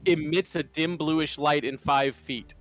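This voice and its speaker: A man playing a tabletop game, describing his character's spell in halting, filler-heavy bursts that turn vivid. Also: on the high side, fairly even intonation, a bit bright, muffled recording. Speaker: player.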